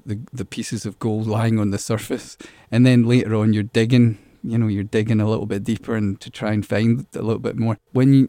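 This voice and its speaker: A man's voice: on the low side, dark tone, no echo. A man being interviewed as a musician, talking casually and rambling, repeating words as he thinks. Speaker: musician guest.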